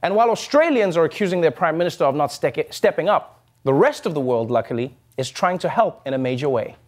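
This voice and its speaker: A man's voice: fairly high pitch, lively intonation, quick pace, a little mellow. A man hosting a comedy news segment, delivering scripted jokes and laughing between punchlines. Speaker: comedy show host.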